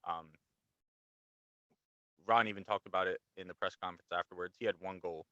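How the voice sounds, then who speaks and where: Male sports podcast co-host, low and bright-toned, laid-back and talkative. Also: fairly even intonation, fairly quick, no room sound, highs cut off. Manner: laid-back, explains at length with fillers. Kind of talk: casual sports chat.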